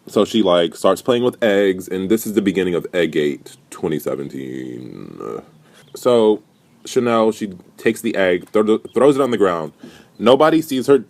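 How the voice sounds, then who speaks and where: A young man recapping a reality show in a casual, profane, animated rant. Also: low-pitched, moderate pace. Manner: profane, animated, indignant storytelling.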